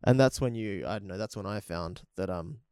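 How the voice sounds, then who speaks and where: A man's voice: lowish voice, a little fast, mellow, clean tone, dry recording, studio quality. A man co-hosting a casual film review chat, recapping the plot bluntly and with plenty of swearing. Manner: blunt, profane, laughing as he recaps.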